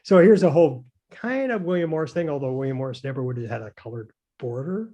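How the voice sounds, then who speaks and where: An older designer, appearing as a guest, chats casually and tells anecdotes, hesitating and rambling with lots of fillers and chuckles. His medium-pitched, mellow voice moves fast with lively intonation.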